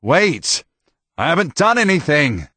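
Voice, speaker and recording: A man's voice: mid-range voice, slow pace, dry recording, voice pushed up, close to an everyday voice. Man doing an earnest young knight. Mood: pleading.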